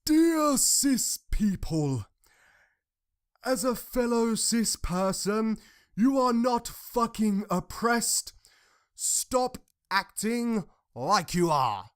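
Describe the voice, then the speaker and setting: A man's voice: sits high, big pitch swings, voice pushed up, heavily acted. A man mocking a smug, preachy online woman. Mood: sanctimonious. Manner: slow, drawn-out, mocking sanctimony.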